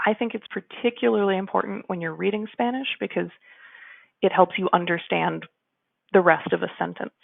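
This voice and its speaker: A woman teaching a Spanish grammar lesson in a chatty way, slowing down to model example sentences. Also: medium pitch, steady tone, gravelly, no room sound. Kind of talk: explanatory lesson. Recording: dry, phone-like narrow sound.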